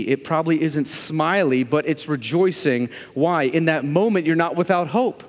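A male pastor delivers a sermon in a voice that sits a little high for a man, earnest and built on rhetorical questions. He swings between loud, urging runs and hushed, low passages. The sound hangs in the long reverb of a large church hall. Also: moderate pace, hardly any pauses.

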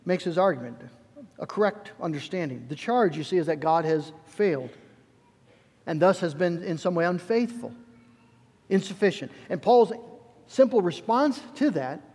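A man's voice: high voice, darkish tone, breathy edge, long reverb tail. A male pastor preaching a sermon in an earnest, emphatic way, often restarting his phrases.

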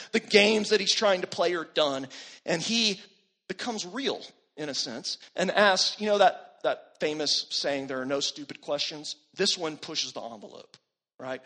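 A man's voice: sits high, lively intonation, unhurried, pushed and bright. A man preaching a sermon as pastor, emphatic and building through repeated phrases.

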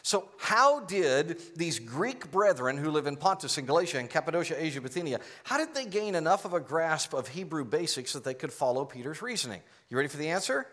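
A man's voice: on the high side, big pitch swings, brisk, few pauses, a bit bright. A male pastor preaching a sermon in a conversational, explanatory way, asking the congregation to answer aloud.

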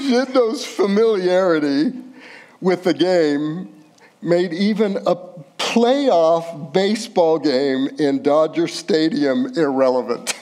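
A man's voice: fairly high pitch, a little mellow. A man preaching a sermon as pastor, in a conversational way with light self-deprecating humor.

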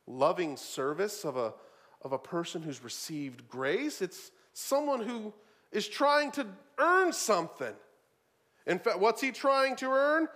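A preacher man with a fairly high voice that leaps up and down. He delivers his sermon with animation, punching key words loudly and then dropping low for asides. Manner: animated, shifts from loud emphasis to low asides, repeats words.

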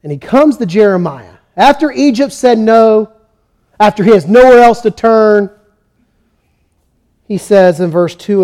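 A man's voice: sits high, lively intonation, unhurried, pauses often, dark tone. A man preaching a sermon, telling the story with energy and acting out the quoted kings and prophets in his own voice. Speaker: pastor.

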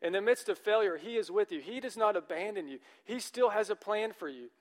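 A man's voice: high-pitched, expressive, brisk, in a large hall. A man preaching a sermon as pastor, earnest and encouraging, often asking his listeners questions.

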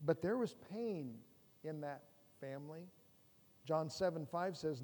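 Middle-aged male pastor, high-pitched, chatty preaching with jokes and rhetorical questions, long church reverb. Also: warm tone. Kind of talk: sermon.

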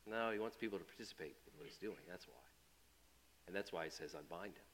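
A man preaching a sermon. His delivery swings from loud, emphatic build-ups to quiet, low asides, and he often repeats and restarts phrases. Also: expressive, fast talker, big-room sound, a little hiss or hum. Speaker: pastor.

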